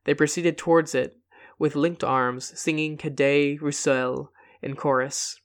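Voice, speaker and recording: A man reading a classic short story aloud, giving quoted lines their own expressive emphasis. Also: fairly high pitch, measured pace. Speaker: reader.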